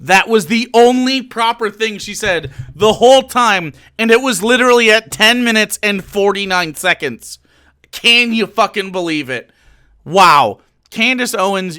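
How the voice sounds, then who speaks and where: A man with a high, bright voice rants in reaction commentary. He mocks with sarcasm and swears freely. His pitch leaps around, and he often breaks into shouting. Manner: sarcastic, profane, swings from mocking to shouting. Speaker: streamer reacting to a podcast.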